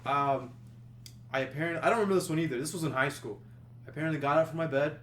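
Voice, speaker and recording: Young male podcast host, slightly high voice, rambling casual storytelling, faint hiss behind. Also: rapid-fire, a bit bright. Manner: rambling, many fillers and restarts. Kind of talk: casual storytelling among friends.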